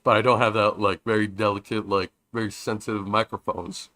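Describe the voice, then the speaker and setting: Young man, game streamer, bright tone, playful rambling commentary with loud bursts. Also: lowish voice, level tone, a little fast, no echo. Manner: chatty, jokey, reads game lines with loud outbursts. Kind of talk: casual let's-play commentary reading dialogue aloud.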